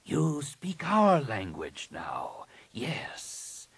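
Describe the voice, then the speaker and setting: A man putting on a cold alien master shaper woman for an audiobook, speaking in slow, hushed, half-whispered tones that carry quiet authority. The voice has a husky, breathy grain and swings widely in pitch. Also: big pitch swings, dry recording, full character voice. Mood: menacing, hushed. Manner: measured and commanding. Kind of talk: audiobook reading.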